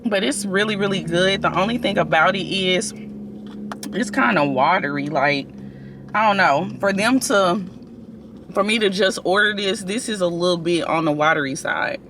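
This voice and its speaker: A young woman vlogger from St. Louis, chatting casually and telling an animated story in her car. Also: mid-range voice, normal speed, a little hiss or hum. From St. Louis, USA.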